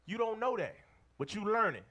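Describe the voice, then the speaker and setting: High, lively preacher man. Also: a little fast. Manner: emphatic, calls for readings, call-and-response. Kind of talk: street-style sermon to a group of men.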